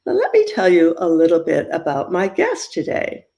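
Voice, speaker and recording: A woman's voice: fairly low pitch, huge pitch swings, moderate pace, gravelly, warm tone. An older woman hosts a podcast interview in a bubbly, chatty way. She laughs often between her questions and keeps the guest talking. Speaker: podcast host.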